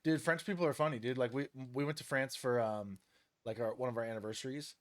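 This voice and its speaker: A man's voice: medium pitch, fast talker, no echo. Casual man in his thirties, swearing freely. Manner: animated storyteller, swears casually, laughs a lot. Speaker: podcast host. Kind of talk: casual chat.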